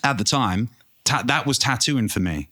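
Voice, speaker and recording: A man, a tattoo artist guest, telling stories in an animated, casual way and swearing freely. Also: mid-range voice, moderate pace. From England. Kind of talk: casual interview chat.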